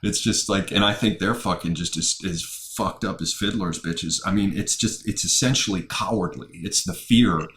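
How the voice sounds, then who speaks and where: Podcast host, man, Southern drawl, low-pitched, cursing rant, echoey room. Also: normal speed, few pauses, a bit bright, slight background noise. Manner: profane, heated ranting. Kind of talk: casual ranting podcast talk.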